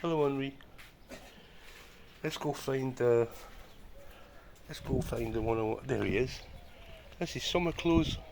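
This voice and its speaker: A man's voice: mid-range voice, measured pace, creaky, pauses often, background noise. A man filming his rescue cats, talking to them in a coaxing, affectionate way. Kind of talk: casual talk to animals.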